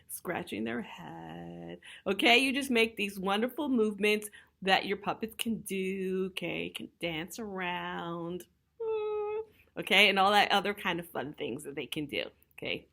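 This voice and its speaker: A middle-aged woman teaches puppetry basics in a relaxed video lesson. Her talk is chatty and friendly. She keeps checking in with her listeners and slips in light laughs as she goes. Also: mid-range voice. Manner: chatty, checks in with frequent "okay?"; laughs lightly while explaining.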